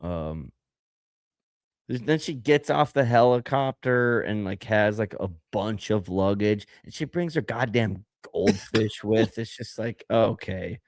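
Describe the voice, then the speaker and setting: A man's voice: fairly low pitch, lively intonation, unhurried, no room sound. A man co-hosting a casual podcast, ranting and rambling with lots of fillers and laughter. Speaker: podcast co-host.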